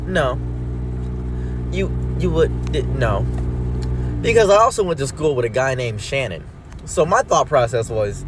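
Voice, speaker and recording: A man's voice: big pitch swings, moderate pace, long pauses, background noise. A young man telling a jokey, playful storytime. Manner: playful, jokey storytelling with sudden pitch jumps. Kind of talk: comic storytime.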